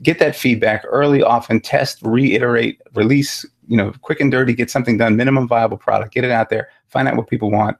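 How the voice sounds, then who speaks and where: Host guy talking quick, gravelly husky voice, rattles off lists. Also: medium pitch, steady tone. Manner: quick, lists ideas in rapid bursts. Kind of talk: conversational interview.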